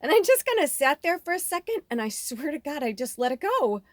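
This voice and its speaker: A woman's voice: sits high, sing-song, a little fast, no echo, clean studio sound. A woman in her thirties giving a casual psychic reading, talking candidly and rambling, swearing freely. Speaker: psychic medium. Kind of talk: casual spiritual reading monologue.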